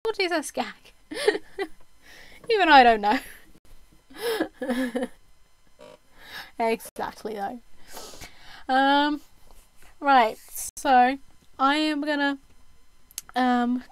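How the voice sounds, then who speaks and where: A young woman from the UK with a Southern English accent, chatting casually to her live-stream viewers and laughing often. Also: fairly high pitch. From United Kingdom. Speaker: game streamer.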